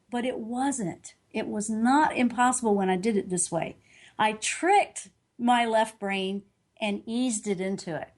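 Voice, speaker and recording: A middle-aged woman speaking as an intuitive reader in an interview, telling a story earnestly and animatedly, often restarting and correcting herself. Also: on the high side.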